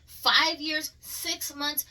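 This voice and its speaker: Sharp, high, blunt woman. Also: fairly even intonation, very slow, low-quality recording. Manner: blunt, sassy, emphatic. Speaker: podcast co-host. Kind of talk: casual reaction chat.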